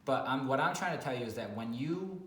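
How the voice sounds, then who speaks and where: A man working as a dog trainer, talking bluntly in a casual video chat and sometimes swearing, loudly acting out dog owners. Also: medium pitch, expressive, a little fast. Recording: echoey room with faint noise.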